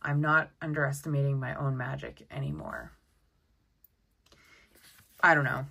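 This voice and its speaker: A woman giving a casual tarot deck walkthrough, chatty and excitable, often exclaiming over the cards. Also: extremely low pitch, measured pace, creaky, breathy edge. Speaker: tarot content creator.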